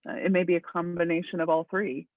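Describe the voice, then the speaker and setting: A man pastor talks through a podcast discussion over a video call. His voice sits somewhat high and sounds tinny and very dry. He is thoughtful and measured, and he hedges his points. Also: level tone, no echo.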